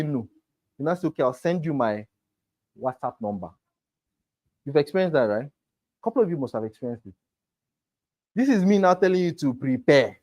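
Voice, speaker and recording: A man's voice: medium pitch, darkish tone. A man teaching a sales class, emphatic and talking straight to his students. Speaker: real estate sales trainer. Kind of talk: motivational class lecture.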